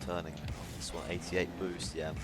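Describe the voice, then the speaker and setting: A man with an Irish accent giving play-by-play esports commentary, lifting to excited calls at big plays. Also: low-pitched, moderate pace, over loud music. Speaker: esports caster. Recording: noisy background.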